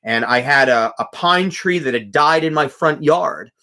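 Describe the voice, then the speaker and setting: A man's voice: on the high side, a little slow, sharp tone. A young man, a music teacher, hosting a live stream, reading chat comments aloud and talking casually with many restarts and fillers.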